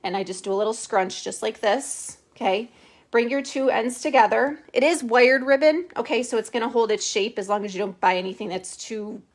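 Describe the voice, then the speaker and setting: Lady doing a casual craft tutorial on her phone, kinda high voice, lots of um and okay. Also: a little fast. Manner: chatty, explains step by step with frequent "okay" and fillers. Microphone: phone camera.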